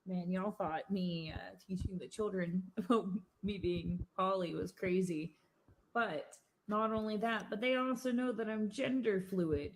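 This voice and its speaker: A woman's voice: mid-range voice, unhurried, a little hiss or hum. A woman, a preschool teacher, telling a casual story to camera in a chatty, amused way.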